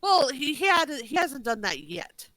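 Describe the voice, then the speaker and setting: A woman's voice: high voice, sing-song, unhurried, crowd noise, poor audio. A woman co-hosting a podcast in casual chat, correcting details and swearing now and then. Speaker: podcast co-host.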